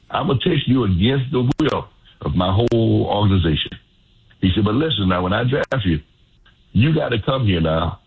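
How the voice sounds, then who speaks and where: A man's voice: lowish voice, gravelly, breathy edge. An older man, a former football player telling stories in an interview, repeating phrases as he goes. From Louisiana. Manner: animated storyteller, repeats phrases. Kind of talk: storytelling interview. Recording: phone-like radio line.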